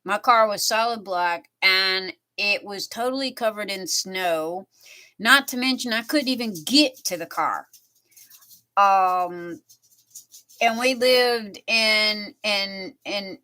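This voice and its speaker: Slow, bright-voiced chatty woman. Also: mid-range voice. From southern United States. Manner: chatty, meandering, drawn-out storytelling. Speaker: live streamer. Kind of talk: casual chat while crafting.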